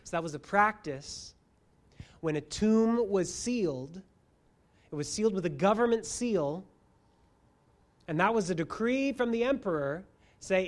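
A preacher giving a sermon, moving between quiet asides and loud emphasis and asking the listeners rhetorical questions. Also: medium pitch, lively intonation, a little slow, pauses often. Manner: addresses listeners as friends, asks rhetorical questions.

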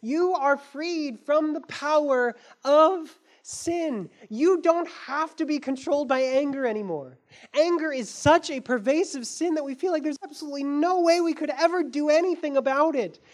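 A woman's voice: high voice, moderate pace. A woman pastor giving a sermon in an earnest, conversational way, with casual fillers.

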